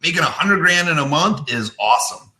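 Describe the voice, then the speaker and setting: Bright, animated male business coach. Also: fairly high pitch, fairly quick. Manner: animated storytelling, acts out voices in anecdotes. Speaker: business coach hosting a live web show. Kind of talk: casual teaching talk with anecdotes.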